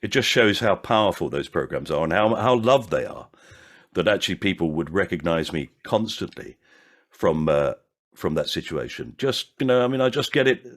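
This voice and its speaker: Older man, low voice, very lively pitch, anecdotal, actor guest, interview chat. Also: normal speed. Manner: anecdotal, animated impressions of fans.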